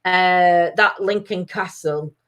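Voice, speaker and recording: A woman's voice: on the low side, slow pace, fairly bright tone, soft background music. A woman from Sheffield with a South Yorkshire accent, co-hosting a casual live-stream chat and reading out viewer comments. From Sheffield, England. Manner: giggly, bursts into laughter often; chatty, reads out viewer comments. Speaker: talk show co-host.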